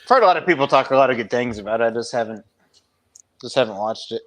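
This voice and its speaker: A man's voice: mid-range voice, animated, fast, fairly bright tone. A man chatting casually on a live stream, easygoing and mostly responding to his co-host.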